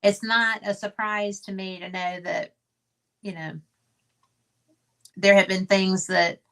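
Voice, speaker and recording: A woman's voice: medium pitch, flat delivery, takes it slowly, a bit bright. A woman hosting an interview show, chatting casually with her guest and reacting to his stories. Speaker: host.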